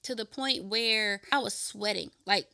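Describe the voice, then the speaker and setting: A woman's voice: medium pitch, measured pace, gravelly, bright, forceful tone, no echo. A young woman telling her personal testimony as a podcast host, candid and rambling with fillers and restarts.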